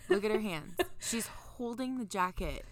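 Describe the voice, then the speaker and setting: A woman's voice: medium pitch, animated, noisy background. A young woman co-hosting a casual book-club podcast who teases playfully and laughs easily. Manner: playful, teasing, quick to laugh. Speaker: podcast co-host.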